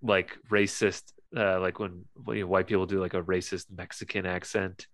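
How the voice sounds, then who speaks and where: A man with a very deep voice chats about a movie on a podcast, relaxed and agreeable, filling his talk with yeahs and ums. The recording is dry, with little room sound. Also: moderate pace, no echo. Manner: laid-back, agreeable, lots of yeahs and fillers. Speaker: podcast co-host. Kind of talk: casual movie chat.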